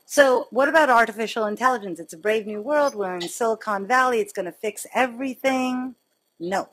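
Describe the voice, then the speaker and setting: A middle-aged woman physician giving a conversational medical lecture, chatty and self-mocking, telling anecdotes with quick wit. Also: on the high side, a bit bright.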